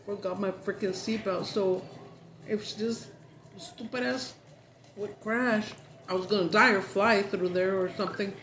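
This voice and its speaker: A woman's voice: mid-range voice, steady tone, a little slow, fairly bright tone. A woman chatting casually while eating on camera, slipping into Spanish phrases as she talks. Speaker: mukbang vlogger. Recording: echoey room with background noise.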